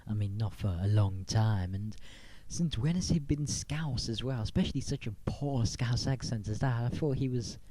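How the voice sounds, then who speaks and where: A man playing a creepy half-octopus stalker in a comic sketch, talking in a dry, deadpan, mock-sinister way. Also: mid-range voice, normal speed, hardly any pauses, no room sound, close to an everyday voice.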